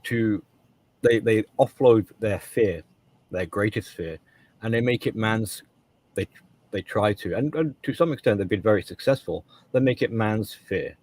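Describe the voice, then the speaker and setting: A man's voice: on the low side, measured pace, darkish tone, dry recording. A man co-hosting a casual podcast discussion, talking emphatically and often restarting and repeating his words. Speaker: co-host.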